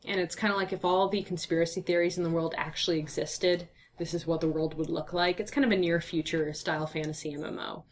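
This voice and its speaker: A woman's voice: on the low side, fairly even intonation, quick pace, few pauses, slight background noise. A young woman answering interview questions in a chatty, upbeat way with lots of fillers, her voice tired and a bit slurred from talking all day. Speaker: guest.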